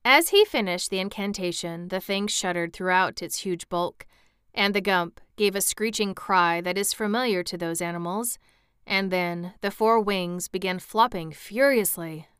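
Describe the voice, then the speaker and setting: A woman narrating a storybook aloud in a steady, expressive reading. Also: mid-range voice, a little slow, clean tone, dry recording, clean studio sound.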